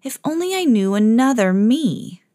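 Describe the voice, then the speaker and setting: A woman's voice: fairly high pitch, big pitch swings, normal speed, mellow, dry recording. An eager young cat , voiced by a woman reading aloud, chirps in a raised, bouncy voice. The sound is close and dry, like a reading at home.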